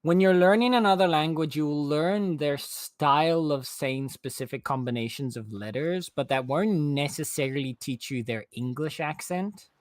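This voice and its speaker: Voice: mid-range voice, moderate pace, few pauses, no room sound. Friend in game chat, mulls stuff over, lots of "like", dry mic. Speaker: friend on stream. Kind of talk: casual chat while gaming.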